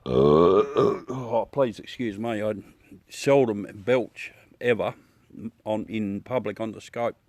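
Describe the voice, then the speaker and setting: A man's voice: fairly low pitch, fairly even intonation, a little slow, a little mellow, no room sound. An Australian man hosting a casual live chat with viewers from his backyard at night, swearing freely and laughing often. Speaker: livestream host.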